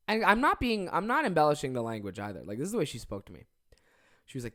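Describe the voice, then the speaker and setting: A young adult podcast host, telling stories in a casual, animated way, swearing freely and acting out the people in them. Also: medium pitch, fast. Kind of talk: casual comedic storytelling.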